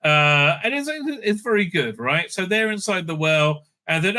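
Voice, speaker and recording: A man rambles through an episode recap with profane sarcasm, his voice very bright and a touch high. The delivery is loose and scathing, full of fillers and swipes. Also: animated, a little slow. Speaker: show reviewer. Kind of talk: casual episode recap and review.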